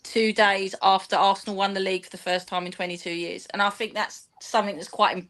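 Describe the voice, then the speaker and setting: A woman, telling an animated, rambling story in an interview and acting out the dialogue. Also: medium pitch, a little fast. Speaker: guest, football fan and teacher.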